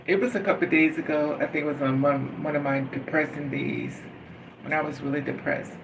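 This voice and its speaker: A man's voice: fairly high pitch, fairly even intonation, a little fast. A man talking in a casual spiritual monologue, earnest and rambling, repeating phrases like a chant. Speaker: vlogger. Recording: noisy, from a distance.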